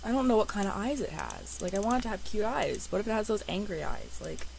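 A young woman, a gaming YouTuber, chatting excitedly to her viewers as she plays. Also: mid-range voice, fast talker, gravelly, a little hiss or hum, low-quality recording. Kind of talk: casual game commentary.

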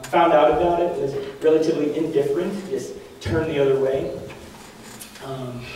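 Young man, parish speaker animated storyteller, losing his voice, somewhat higher pitch, heard from a distance in a large echoing hall. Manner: animated, laughs often, many fillers. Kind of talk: lively storytelling talk to a group. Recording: echoey hall from far off, faint noise.

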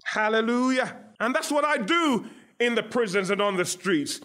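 Guy preaching, high voice that swoops all over, exuberant, keeps laughing. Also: lively intonation, moderate pace, fairly bright tone. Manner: exuberant, repeats Hallelujah, laughs often. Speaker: pastor and guest speaker. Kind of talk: sermon.

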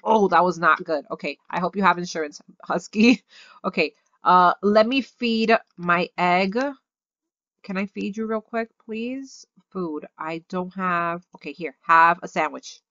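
A woman hosting her own gaming video, commenting excitedly and gushing over cute things as she plays. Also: fairly low pitch, measured pace, no room sound, highs cut off. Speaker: gaming channel host.

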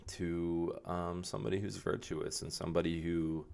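A man's voice: deep voice, flat delivery, normal speed, creaky, a little mellow. A young man talking casually and reflectively to his camera, rambling with many fillers and restarts. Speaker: vlogger. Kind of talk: casual self-reflective vlog.

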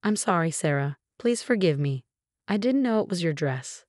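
A woman voicing a defensive, scheming middle-aged mother-in-law, read in an even, measured way. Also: fairly low pitch, no room sound, studio quality.

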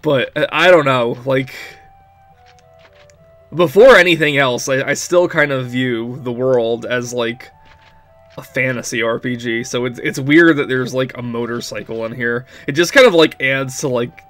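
A man's voice: medium pitch, steady tone, unhurried, fairly bright tone, soft background music. Young male let's-player, mid-range voice, rambling casual delivery, prone to giggles. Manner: rambling, frequent "like", giggly laughing fits. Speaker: let's play commentator. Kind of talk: casual gameplay commentary.

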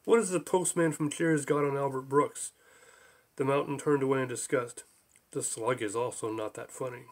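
A man reading his own comic book aloud as an audiobook, in a dry, deadpan manner. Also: a little high. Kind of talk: audiobook narration.

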